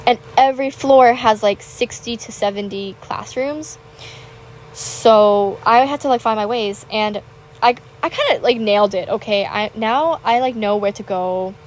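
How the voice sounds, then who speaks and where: Teenage girl, bubbly, chatty, dramatic retellings, higher pitch, light background noise. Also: measured pace, poor audio. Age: teens. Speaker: gaming vlogger. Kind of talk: casual chat over gameplay.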